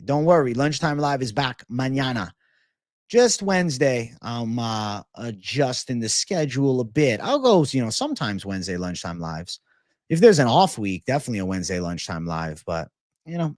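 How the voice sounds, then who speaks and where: A man hosting a fight-sports livestream, talking to chat in a loose, slangy, swear-heavy way. His energy runs hyped and jokey. The sound is dry and close, with almost no room echo. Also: mid-range voice. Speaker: MMA livestream host.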